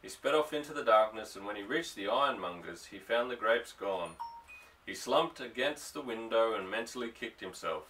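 A man narrating an audiobook, telling the story in a steady way. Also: lowish voice, moderate pace, slight background noise. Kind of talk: scripted narration. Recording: distant mic.

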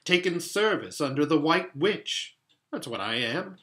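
A man's voice: on the high side, expressive, a little slow, fairly bright tone. A man voicing a tearful, guilt-ridden male faun in a storybook reading, talking between sobs. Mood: sorrowful. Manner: sobbing, sorrowful.

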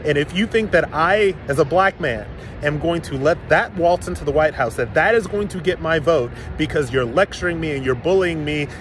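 Defiant male speaker, slightly high voice, outdoor traffic noise. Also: a bit bright. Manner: firm, defiant, deliberate. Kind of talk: political statement to camera.

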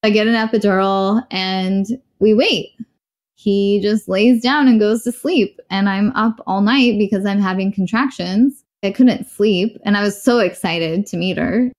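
A woman's voice: mid-range voice, a little slow, a little mellow. A young adult woman in a podcast interview, telling a personal story candidly and bluntly, acting out what others said. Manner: candid, blunt, acts out quoted voices.

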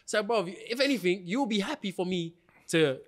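A young British man, telling a story as a podcast guest in slangy, animated chat and laughing often. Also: high-pitched, moderate pace. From Britain. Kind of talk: casual storytelling.

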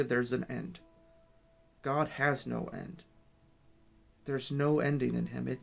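A man shares his faith testimony in an earnest, unpolished way, circling back and restarting his thoughts. His voice sits at a middle pitch. Faint instrumental music plays underneath. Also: vocal fry. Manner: rambling, earnest, many restarts. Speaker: Christian speaker.

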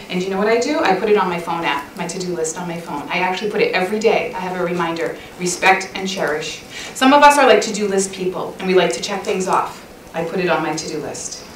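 A woman's voice: on the low side, distant mic, slight background noise. Earnest woman speaking in an echoey church hall. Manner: earnest, asks many questions, animated storytelling. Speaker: speaker at a women's conference session. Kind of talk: devotional talk and prayer.

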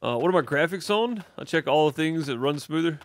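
A man's voice: a little high, animated, a little fast. A man with a Mississippi Southern accent, chatting casually as he streams a game and answers chat, rambling with lots of fillers. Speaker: gaming streamer. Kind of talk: casual live gameplay commentary.

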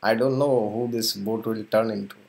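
A man's voice: on the low side, normal speed, creaky. A man teaching a spiritual lesson by retelling a scripture story, chuckling often as he goes. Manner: chuckles often, animated retelling with acted quotes.

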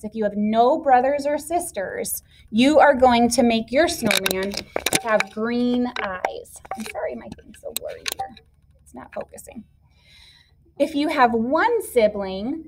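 A woman's voice: fairly high pitch, darkish tone. A woman teacher patiently explaining a classroom activity step by step to young children. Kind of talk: classroom instruction video.

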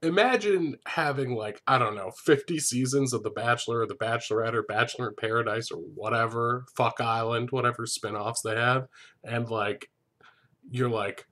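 A man hosting a comedic TV recap, talking in a sarcastic, profane way with deadpan asides. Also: mid-range voice, normal speed.

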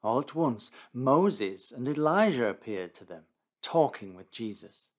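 A man narrating a condensed Bible reading in a steady, deliberate scripted style. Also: medium pitch.

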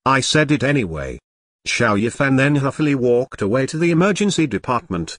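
A man narrates a romantic comedy novel in a steady, machine-like reading. His pitch swings widely from phrase to phrase, and the sound is dry with no room around it. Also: fairly quick, no room sound. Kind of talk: audiobook narration of a web novel.

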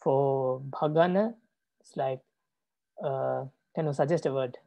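A man who is a Buddhist monk teaching a language class, patient and repetitive, pausing often with hesitations. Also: mid-range voice, creaky, warm tone, dry recording, lo-fi sound. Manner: patient, repeats words, many hesitations.

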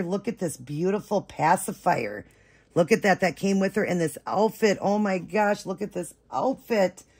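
A woman vlogger chatting excitedly to her viewers while unboxing, gushing with drawn-out exclamations. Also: fairly low pitch, breathy edge. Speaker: reborn doll vlogger.

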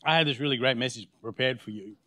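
Guest preacher, Australian man, mid-pitched, dry close sound, storytelling sermon that voices each side of a conversation. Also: fast talker, pushed and bright, no room sound. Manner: storytelling, acting out both sides of conversations. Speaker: guest pastor. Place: church.

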